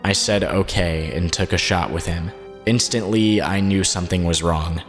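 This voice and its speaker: A man narrating a documentary, reading a first-person written statement aloud in a steady, measured way. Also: low voice. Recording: long reverb, faint background music.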